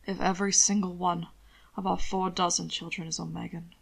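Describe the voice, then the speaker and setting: A low, gravelly male lover with a flat, even delivery, possessive and arrogant, murmuring close and slow, as a woman reads him aloud. Rendered in a storybook reading. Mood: tender.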